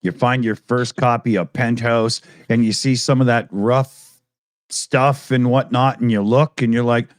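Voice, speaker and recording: A man's voice: medium pitch, fairly even intonation, measured pace, no echo. A man co-hosting a podcast, telling crude jokes and swearing casually. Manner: dry storyteller, swears casually. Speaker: podcast co-host. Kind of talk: crude comedic banter.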